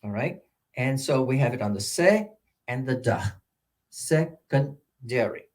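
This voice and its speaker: An older American man teaching English pronunciation, drawing out example words and swinging between loud and soft. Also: medium pitch, lively intonation, moderate pace.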